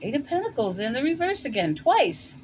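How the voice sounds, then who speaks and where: A woman with a New York accent reads tarot cards in a loose, chatty way, her voice sitting a little high. She thinks out loud and pauses with fillers. A faint hum of noise runs underneath. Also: big pitch swings, poor audio. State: warm and winded after shoveling. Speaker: tarot reader. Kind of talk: casual tarot reading. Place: home in Colorado.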